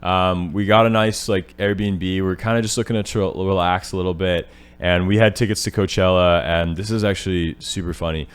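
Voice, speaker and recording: A young man on a podcast, telling a story in a casual, animated way and filling his talk with "like.". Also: low voice, normal speed, clear, resonant tone. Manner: animated, says "like" constantly. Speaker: podcast guest.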